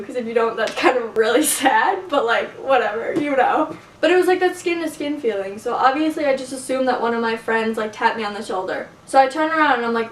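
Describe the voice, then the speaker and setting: A woman's voice: fairly high pitch, lively intonation, brisk. A woman vlogging from her bedroom, telling stories in a chatty, profane way and saying "like" constantly. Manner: chatty, profane, filler-heavy, says "like" constantly. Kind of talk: casual storytelling to camera. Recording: echoey room, mic at a distance, faint hiss.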